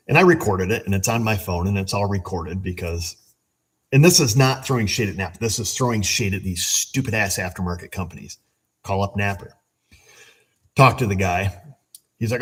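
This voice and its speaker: A man who runs an auto repair shop tells a story in a casual, animated, exasperated way and swears as he rants. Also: lowish voice, husky. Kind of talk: casual shop vlog rant.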